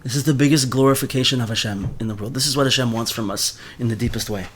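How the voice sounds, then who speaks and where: A man's voice: mid-range voice, quick pace, slight background noise. Man teaching a Torah class. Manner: animated, mixes Hebrew terms into speech, repeats words often.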